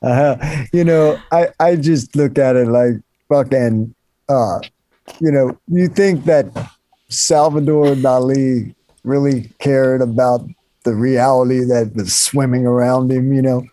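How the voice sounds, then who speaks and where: A man's voice: medium pitch, fairly even intonation, a little slow, dark tone, no echo. A man who is a guest musician on a podcast, talking in a laid-back, rambling way and swearing often. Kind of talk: casual chat.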